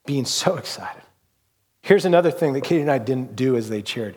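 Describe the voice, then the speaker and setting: A man's voice: medium pitch, expressive, fairly quick, darkish tone, slightly rough. A middle-aged man pastor preaching a sermon in a loose, conversational storytelling manner, full of fillers and restarts. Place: church hall.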